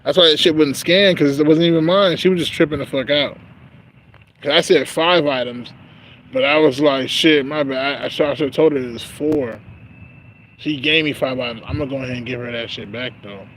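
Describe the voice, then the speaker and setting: A man's voice: fairly high pitch, brisk, poor audio. Profane laid-back man rambling over traffic noise. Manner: profane, laughing, animated storytelling. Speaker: livestreamer. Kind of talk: casual rambling monologue.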